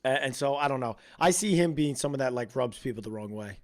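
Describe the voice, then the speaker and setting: A man co-hosting a casual recap chat, relaxed and agreeable, trailing off at the ends of sentences. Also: mid-range voice, fast. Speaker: podcast co-host.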